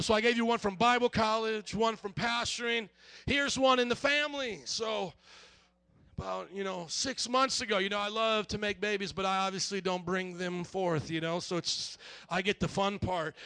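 A male pastor preaching a sermon, telling stories in an animated way and shouting as he acts them out. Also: high-pitched, vocal fry, no echo. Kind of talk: sermon with storytelling.

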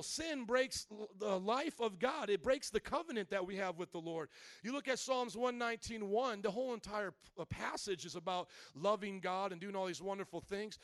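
A man preaching a sermon as pastor, animated, acting out little scenes and calling out to the congregation. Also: very high voice, dry recording, clean studio sound.

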